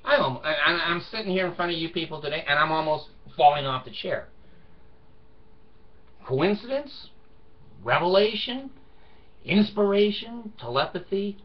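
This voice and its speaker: A man's voice: on the high side, quick pace, hardly any pauses, highs cut off. An older man telling a personal story in a casual vlog monologue, blunt and emphatic, with frequent swearing. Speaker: vlogger.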